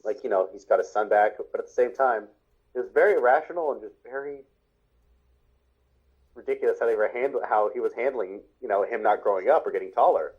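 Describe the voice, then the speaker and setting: A man's voice: medium pitch, brisk, a little mellow, breathy edge, highs cut off. A man co-hosting a podcast, chatting casually about old cartoons in a rambling way full of fillers. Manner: rambling, laughs along, lots of fillers. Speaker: podcast co-host. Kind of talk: casual chat commenting on cartoons.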